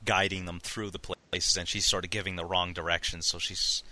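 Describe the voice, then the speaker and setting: Male co-host, deep but bright voice, rambling casual recap full of fillers. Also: level tone. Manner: rambling, halting retelling with many fillers. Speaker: podcast co-host recapping a story. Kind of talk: casual chat.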